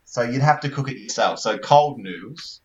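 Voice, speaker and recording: A man's voice: mid-range voice, animated, normal speed, lo-fi sound, crowd noise. A man hosting a casual group chat, rambling with fillers.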